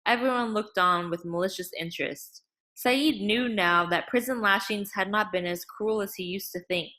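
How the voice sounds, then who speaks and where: A woman reading a novel aloud as an audiobook narrator, in a measured, dramatic way. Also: medium pitch, pushed and bright.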